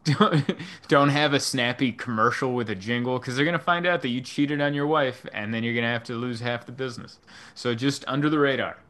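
A man with a bright, forceful voice, a stand-up comic guesting on a podcast. He talks in a loose, offhand, joking way and tosses out wry advice. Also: medium pitch, fairly quick. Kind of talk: casual podcast chat.

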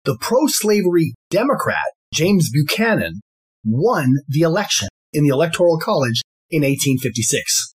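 A man hosting his own podcast, reading a scripted monologue in a deliberate, emphatic and formal way. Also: fairly high pitch, sing-song, slightly rough. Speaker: podcast host.

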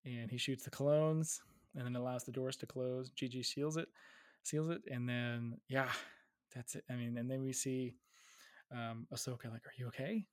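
A man from the United States in a relaxed, joking, agreeable fan discussion. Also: medium pitch, normal speed, smooth, no room sound, studio quality.

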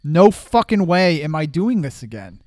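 Dude cohosting a podcast, a bit high voice, jokey, dry mic. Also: male voice, sing-song, normal speed, a little mellow, no room sound. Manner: laid-back, joking, swears. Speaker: podcast co-host. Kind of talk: casual podcast chat.

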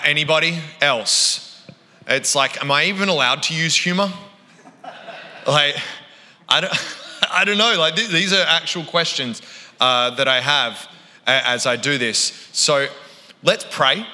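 A man's voice: medium pitch, sharp tone. A man with an Australian accent preaching a sermon as a guest speaker, chatty and joking at his own expense. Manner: chatty, joking, self-deprecating. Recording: reverberant church hall.

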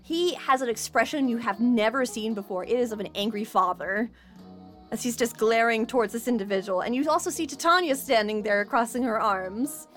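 High-voiced, giggly woman game master. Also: brisk, soft background music. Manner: animated, giggly narration with fillers. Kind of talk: narrating a tabletop role-play.

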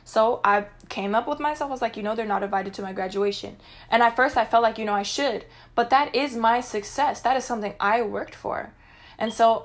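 A young woman telling a personal story on a vlog, venting in an animated, emphatic way. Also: on the high side. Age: young adult. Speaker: vlogger.

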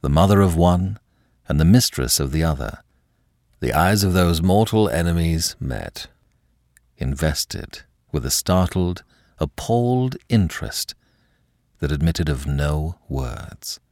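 A man reads a classic novel aloud with dramatic, expressive delivery. His voice is very deep and moves widely in pitch. The sound is dry and close to the mic. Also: takes it slowly, no room sound. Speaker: audiobook narrator. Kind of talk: scripted narration of a classic novel.

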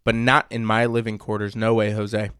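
A man's voice: fairly low pitch, little pitch movement, moderate pace, a bit bright, clean tone, no room sound, studio quality. A young man co-hosting a casual podcast who rants bluntly and sarcastically, swearing as he jokes. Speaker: podcast co-host. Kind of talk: casual chat.

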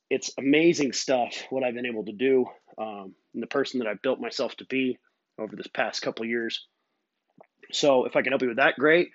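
A man's voice: mid-range voice, no echo, lo-fi sound. A man hosting his own podcast, telling stories in an earnest, rambling way. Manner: earnest, rambling storytelling with fillers. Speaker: podcast host. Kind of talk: casual solo podcast monologue.

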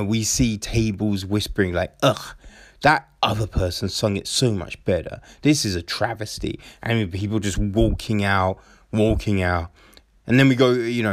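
A man's voice: fairly low pitch, no echo, studio quality. A man giving a casual, rambling film recap with many fillers and restarts. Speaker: film reviewer.

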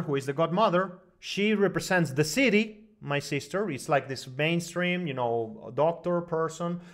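A man telling a long personal story as a guest on an online broadcast, talking in animated bursts full of fillers and restarts. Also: on the high side. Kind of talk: long rambling personal story in casual discussion.

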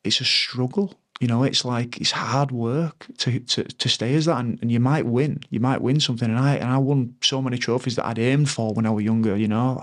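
A man in his thirties with an ordinary, middle-pitched voice, speaking as a guest on a conversational podcast. His delivery is reflective and earnest. He circles back and restarts his sentences while he searches for the right words. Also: steady tone, fairly quick. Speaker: podcast guest, former rugby player.

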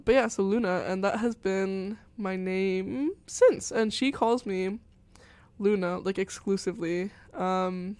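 A woman's voice: mid-range voice, darkish tone, clean tone, dry recording. A young woman hosting a college radio show, chatting in a rambling, giggly way full of fillers. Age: young adult. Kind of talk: casual chat.

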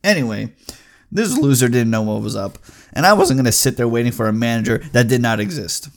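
A man in his twenties telling a story as a casual vlog rant, heated and profane, often getting loud and high. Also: lively intonation, brisk. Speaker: vlogger.

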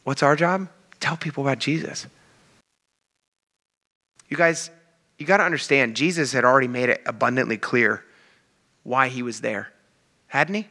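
A pastor preaching a sermon in a casual, conversational way that addresses the congregation directly. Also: male voice, mid-range voice, normal speed, long pauses, pushed and bright. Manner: conversational, addresses the crowd as "you guys".

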